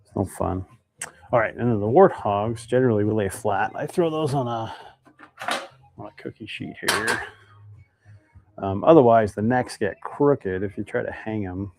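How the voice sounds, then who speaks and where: A man's voice: fairly low pitch, normal speed, pauses often, a little mellow, no echo. A man hosting a casual live stream while making fishing baits, chatting and reading viewer comments aloud. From Idaho, United States.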